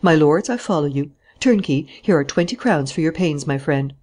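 A reader doing a self-assured gentleman thief in an audiobook, ceremonious and mocking. He stays grandly polite while teasing everyone around him. The pitch sits in a middle register. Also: animated, normal speed, natural voice. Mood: jaunty mocking. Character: jaunty gentleman thief, adult man, supremely confident. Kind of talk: audiobook character voice.

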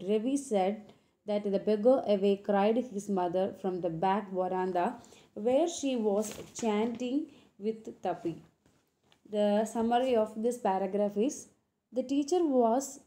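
A woman teacher with an Indian English accent reads a textbook lesson aloud slowly, stopping to explain words and correct her own slips. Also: mid-range voice, mellow. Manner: slow, halting reading with frequent self-corrections. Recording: echoey room recording.

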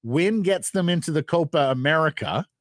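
A man's voice: a little high, normal speed, no echo. Wry male sports radio co-host. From Ontario, Canada.

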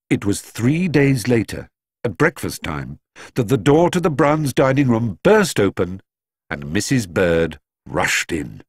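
A man narrating a children's story aloud in a lively, expressive storytelling manner. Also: lowish voice, unhurried, breathy edge, no room sound. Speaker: audiobook narrator. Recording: dry close studio sound.

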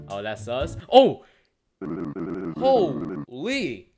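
A man's voice: medium pitch, lively intonation, unhurried, over loud music. A man doing casual horror game commentary, with jumpy, exclamatory slang. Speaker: gaming video creator.

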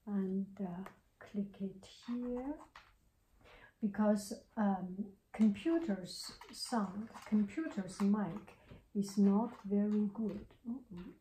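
A woman giving a soft-spoken ASMR tech tutorial at her home desk, talking haltingly and drifting into whispers, close on a handheld mic. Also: mid-range voice, slight background noise. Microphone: close handheld mic with pop cover.

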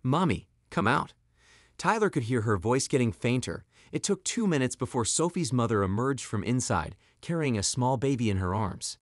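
Brief: male storytime narrator, animated pitch, dramatic and expressive, dry recording. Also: normal speed, few pauses, dry recording.

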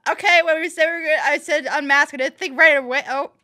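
A woman's voice: high-pitched, fairly even intonation, fast talker, pushed and bright. A woman chatting casually as she reacts to a cartoon episode, rambling with fillers and restarts. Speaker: reaction video host. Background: show audio with music.

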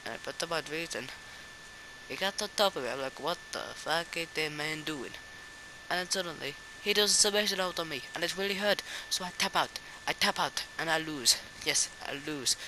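A young man giving rambling, excitable comic voice-over narration about a backyard wrestling match, often stumbling and restarting. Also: fairly high pitch, moderate pace, noisy background.

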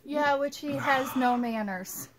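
A woman's voice: high voice, takes it slowly, heavy background noise. A woman filming at home, chatting casually and teasing while she laughs often. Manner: giggly, teasing. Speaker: vlogger filming. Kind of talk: casual off-camera chat.

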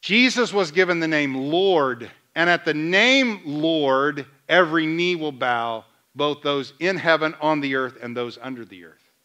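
A man preaching a sermon as pastor, asking the congregation questions and retelling scenes in lively dialogue. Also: on the high side, measured pace. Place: church sanctuary.

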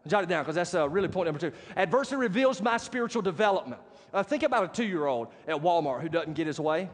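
A man's voice: sits high, expressive, fast. A man preaching a sermon as pastor, telling a personal story and often checking in with the congregation. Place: church sanctuary. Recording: long church hall reverb.

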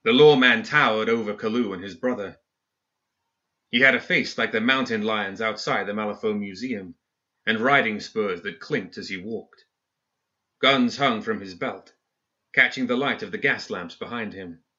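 A man narrating a story in a measured audiobook style, in a dull lo-fi recording. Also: on the low side, sharp tone.

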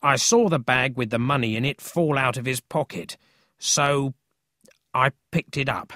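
A man's voice: medium pitch, measured pace, bright, forceful tone, no room sound, clean studio sound. A man doing a sly, wheedling thief. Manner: meek, wheedling. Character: sly pleading adult male thief.

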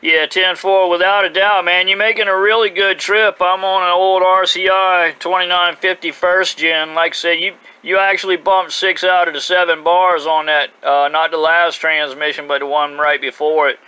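South Carolina CB host, man, slightly high and clear, phone-recorded outside. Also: level tone, normal speed, hardly any pauses, bright, forceful tone, rough recording. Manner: friendly, formal radio procedure. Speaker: CB radio operator and channel host. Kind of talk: CB radio call. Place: outdoors.

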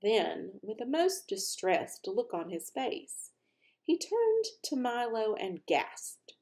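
A woman hosting a storybook read-aloud for children, chatting gently before reading the narration. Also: fairly high pitch, wildly swooping pitch, slow pace.

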